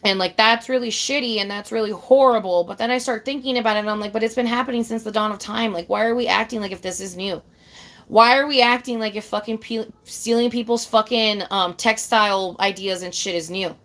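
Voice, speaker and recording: A woman's voice: mid-range voice, steady tone, a little fast, fairly bright tone. A woman ranting casually to her camera, swearing often, repeating herself for emphasis and calling the listener babe. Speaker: vlogger.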